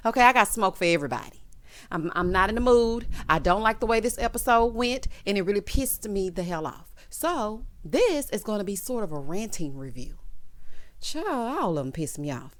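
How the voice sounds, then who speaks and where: A woman tears through a reality show episode in an emphatic, sassy rant. She talks straight to the people on screen and scolds them. Her voice sits at an ordinary middle pitch for a woman. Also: fairly bright tone. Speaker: reality TV commentator. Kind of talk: ranting recap commentary.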